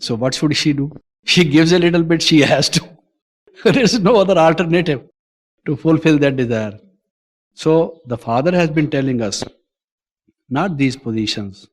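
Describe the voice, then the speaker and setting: A man's voice: a little high, moderate pace, long pauses. Earnest man giving a spiritual class. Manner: earnest, acts out dialogues to make points. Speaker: spiritual teacher.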